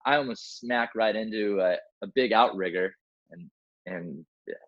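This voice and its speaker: A helicopter rescue swimmer, a man with a low voice, tells a rescue story as an interview guest. He speaks at normal speed, animated and casual, acting out quoted dialogue and using fillers like "like" and "man." The audio is dull.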